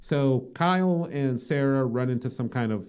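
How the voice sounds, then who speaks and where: A man's voice: mid-range voice, normal speed, clean tone. Casual, swearing male podcast co-host. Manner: animated plot retelling, swears freely. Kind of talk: casual movie review chat.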